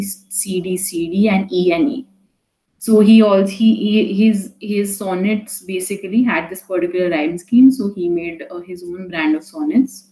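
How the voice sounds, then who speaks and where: This is an online poetry lesson recorded in an echoey room. The tutor is a young Indian-accented woman whose voice sits at medium pitch and sounds mellow; she chats casually, drops Hindi words into English, and often uses fillers and starts over.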